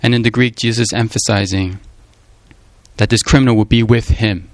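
A man's voice: on the low side, steady tone, moderate pace, no room sound. Earnest male preacher, dry and close. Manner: earnest, emphatic, leans on "you know" and repeats words. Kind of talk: sermon on a Gospel passage.

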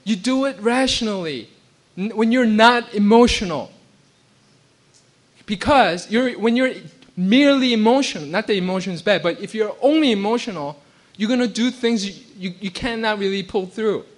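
A pastor preaching a sermon in a conversational way, often restarting and checking in with "right?". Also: male voice, high-pitched, moderate pace. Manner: acts out quoted voices with bursts of laughter.

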